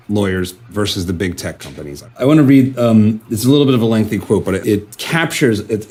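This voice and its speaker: A man's voice: fairly low pitch, darkish tone. A man hosting an interview, asking earnest, probing questions and reading quotes aloud. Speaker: podcast host.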